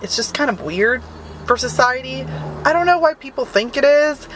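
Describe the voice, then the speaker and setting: A woman's voice: sits high, animated, normal speed, fairly bright tone, a little hiss or hum, rough recording. A young adult woman talking casually to camera in a bubbly, upbeat, chatty vlog. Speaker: vlogger.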